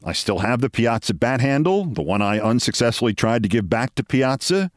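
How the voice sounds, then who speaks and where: A man's voice: big pitch swings, brisk, dry recording, clean studio sound. A middle-aged man hosting a show, telling a long anecdote in a conversational way and acting out the people he quotes. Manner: conversational, acts out quoted people with raised pitch. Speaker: show host. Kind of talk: storytelling monologue.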